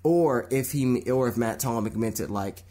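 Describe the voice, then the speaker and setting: A young man hosting a solo radio talk show, giving lively commentary on movie news and slipping into quick impressions of other people. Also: mid-range voice. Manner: animated, mimics people in quick put-on voices.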